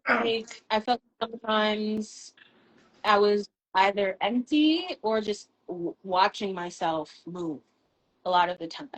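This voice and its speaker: A woman talks frankly in a candid conversation over a video call, her voice sitting in an ordinary middle pitch. She swears casually and lets small laughs slip between thoughts. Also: slow pace, low-quality recording. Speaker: guest. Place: live video stream.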